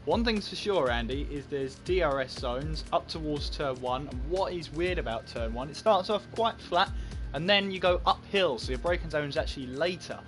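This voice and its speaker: A man hosting live esports racing commentary in an upbeat, energetic presenting manner. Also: fairly high pitch, normal speed, faint music behind. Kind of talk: live race broadcast commentary.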